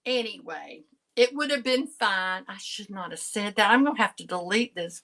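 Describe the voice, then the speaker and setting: A woman's voice: mid-range voice, moderate pace, bright, forceful tone, rough recording. An older woman, telling a family story in casual chat, often laughing and cutting herself off. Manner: chatty, laughs often, self-interrupting. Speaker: channel host.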